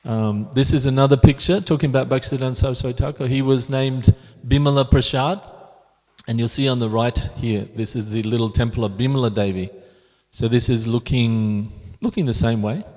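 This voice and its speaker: A man's voice: mid-range voice, fairly even intonation, brisk, darkish tone. A man teaching a scripture class at a temple, talking conversationally with frequent restarts while he shows pictures. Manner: conversational, many restarts, reflective. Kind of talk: scripture class talk with slides. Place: temple hall. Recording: long hall reverb.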